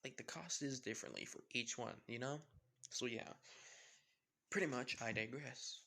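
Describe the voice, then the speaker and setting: A man's voice: medium pitch, moderate pace, vocal fry, sharp tone. A man casually improvising a fan story, rambling with many fillers and some swearing.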